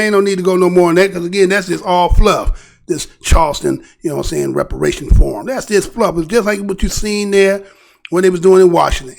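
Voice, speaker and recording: A man hosts his own livestream, his voice pitched high with a rough, gravelly edge. He talks emphatically and animatedly, then drops into low muttering. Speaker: show host. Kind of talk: casual livestream commentary.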